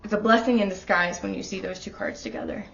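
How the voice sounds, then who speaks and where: A woman's voice: medium pitch, steady tone, fast, gravelly, fairly bright tone, a little hiss or hum. A woman doing a casual tarot reading in her apartment, speaking in a middle-range voice with a heartfelt, emotional manner. She talks straight to the listener, and the home recording sounds a little dull and lo-fi. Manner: earnest, emotional, talking straight to the viewer. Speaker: tarot reader.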